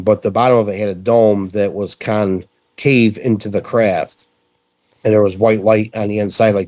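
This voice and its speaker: A middle-aged man from central New York, telling a story as a podcast guest in a casual, animated way with frequent swearing. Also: fairly low pitch, dry recording.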